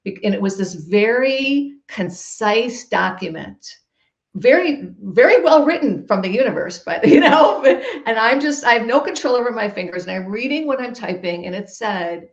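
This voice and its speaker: A woman guest telling a personal story in a podcast conversation, emphatic and lively. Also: fairly high pitch, normal speed. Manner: animated, emphatic storytelling with laughs. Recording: roomy, dull-sounding recording.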